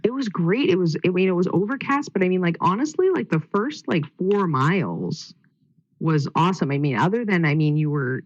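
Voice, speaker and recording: A man's voice: high-pitched, expressive, fairly quick, dry recording. A man telling a race story in a casual interview, rambling with lots of fillers. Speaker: guest runner. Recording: dull lo-fi sound.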